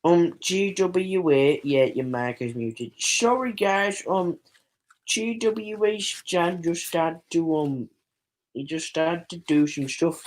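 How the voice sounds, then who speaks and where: A woman's voice: fairly low pitch, slow, a little mellow. A woman hosting a casual livestream, joking around in mock outrage and chatting to viewers. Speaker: livestream host. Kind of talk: casual goofy stream chat.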